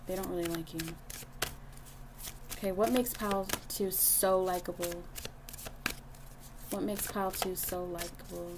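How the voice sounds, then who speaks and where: A woman's voice: fairly low pitch, fairly even intonation, unhurried, pauses often, noisy background. A young adult woman doing a casual tarot reading, speaking bluntly and swearing freely as she talks to the viewer. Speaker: tarot reader.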